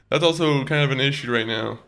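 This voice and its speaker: A man's voice: mid-range voice, a bit bright. A young man streaming a video game, chatting with viewers, swearing and laughing as he plays. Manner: chatty, talks to chat, swears and laughs easily. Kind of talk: casual live-stream gameplay commentary.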